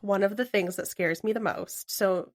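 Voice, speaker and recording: A woman's voice: medium pitch, fairly even intonation, normal speed. A woman with a mid-range voice co-hosts a casual podcast. She tells her stories in a chatty, easygoing way and laughs often. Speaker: podcast co-host. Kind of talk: casual chat.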